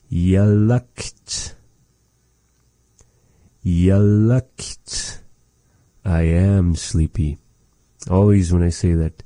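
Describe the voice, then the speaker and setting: Very deep, slow-talking man teaching words. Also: mellow, no echo. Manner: repeats each word slowly, chatty asides. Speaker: language teacher. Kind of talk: casual vocabulary lesson.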